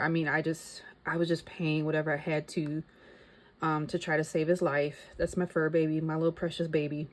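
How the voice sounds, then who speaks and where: Lower-voiced middle-aged woman chatting. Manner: chatty, thinks aloud, reads out figures. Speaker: vlogger. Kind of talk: casual chat.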